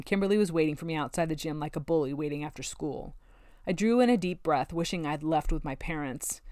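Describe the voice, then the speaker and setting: A woman narrating a novel in the first person, with steady, wry storytelling. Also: low-pitched, no echo, studio quality. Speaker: audiobook narrator.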